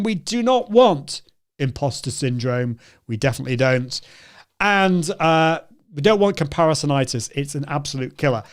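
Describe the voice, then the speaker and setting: A man's voice: on the high side, clean tone. A man hosting a live video show, talking chattily to his viewers, often correcting himself and laughing. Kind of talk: live-stream talk to viewers.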